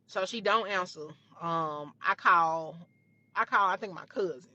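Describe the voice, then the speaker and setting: A woman's voice: lowish voice, normal speed, pushed and bright, lo-fi sound. A young woman telling a story from her own life, emphatic and profane, often repeating her phrases. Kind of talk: storytime retelling.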